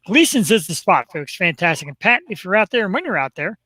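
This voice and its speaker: A man's voice: high voice, big pitch swings, brisk, sharp tone, a little hiss or hum, poor audio. A man with a Philadelphia accent hosting a live webcast, chatting in an upbeat, rambling, self-deprecating way. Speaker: podcast host. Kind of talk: casual live webcast chat.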